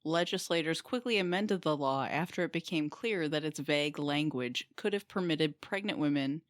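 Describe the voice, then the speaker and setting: A woman's voice: low-pitched, normal speed, no echo, studio quality. A woman co-hosting a casual podcast, reading out odd laws matter-of-factly. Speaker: podcast co-host. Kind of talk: casual group chat.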